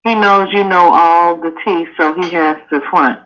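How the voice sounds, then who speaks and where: A caller on a livestream, giving polite, measured comments in a halting way. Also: mid-range voice, fairly even intonation, fairly bright tone, faint music behind. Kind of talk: call-in comment. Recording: muffled call audio.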